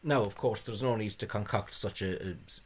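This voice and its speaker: A man's voice: on the low side, a little fast, a little hiss or hum. Hesitant man lecturing. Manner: hesitant, many fillers, scornful asides. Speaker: language video host. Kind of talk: spoken lecture on spelling reform.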